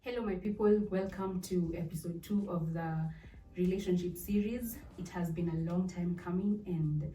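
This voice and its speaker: A chatty young woman from Kenya hosts a relaxed talk, her voice sitting a little low. She sounds set back from the mic in an echoey room, with soft music faintly underneath. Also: moderate pace, distant mic. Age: 20s. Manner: chatty, laughs often, asks questions. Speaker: podcast host. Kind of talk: casual chat.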